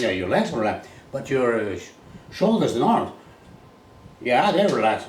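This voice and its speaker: This golf coach from Sweden talks in a Swedish accent, rambling bluntly in a casual monologue with occasional swearing. His mid-range voice has a sing-song quality and a moderate pace broken by long pauses, caught on a distant mic in an echoey room with faint ambient noise.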